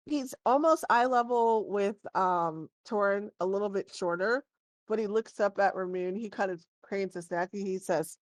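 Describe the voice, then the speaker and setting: A woman's voice: mid-range voice, dry recording, clean studio sound. A woman running a tabletop game as dungeon master, thinking aloud as she describes the scene.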